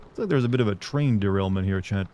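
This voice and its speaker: In a casual live gameplay stream, a young man talks fast to his viewers in a dark, fairly low voice. He rambles on to chat, leaning heavily on fillers, and there's slight background noise.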